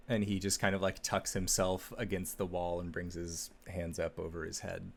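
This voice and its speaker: Male player, very deep voice, subdued narration, light background hiss. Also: level tone, normal speed, creaky, few pauses. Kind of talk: tabletop role-play.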